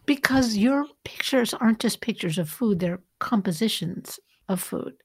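A woman hosting an interview, reading a measured scripted introduction and asking questions. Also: medium pitch, expressive, husky, no echo. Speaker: podcast host.

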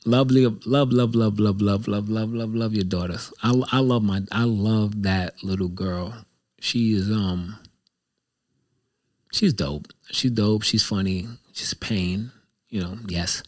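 A man's voice: lowish voice, slow pace, darkish tone. A man hosting his own show, talking in a casual, reflective monologue that rambles and repeats itself candidly. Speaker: show host.

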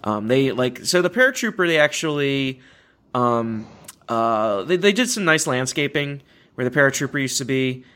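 A young man hosts a casual chat podcast. He rambles, corrects himself mid-sentence and laughs often at his own stories. His voice sits at a middling pitch. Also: lively intonation, normal speed, bright, forceful tone, smooth. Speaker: podcast host.

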